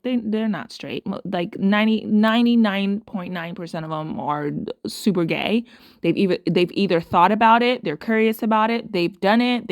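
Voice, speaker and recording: A woman with a fairly high voice gives casual commentary straight to her viewers. She is emphatic and keeps repeating words to drive them home. The sound is close and dry. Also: no room sound. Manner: emphatic, repeats phrases for stress. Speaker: commentary host.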